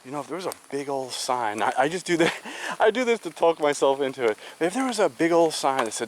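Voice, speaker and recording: A man's voice: on the high side, sing-song, fast, slight background noise, low-quality recording. A man chatting casually as he walks outdoors, rambling and talking to himself. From New York. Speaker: walking vlogger. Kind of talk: casual walking vlog chat. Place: outdoors in rural nature. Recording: outdoor ambience clearly heard.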